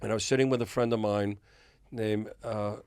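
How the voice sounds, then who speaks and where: A man's voice: lowish voice, moderate pace, clean tone, no echo, studio quality. An older man, a record executive, telling a long anecdote as a guest in a podcast interview and chuckling often. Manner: animated storyteller, chuckles often.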